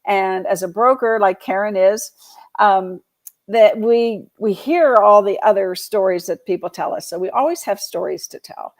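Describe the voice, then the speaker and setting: A woman's voice: medium pitch, normal speed. Chatty georgia lady hosting a real estate show, rambles, lots of ums and laughs. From Georgia, US South. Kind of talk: casual live-stream talk.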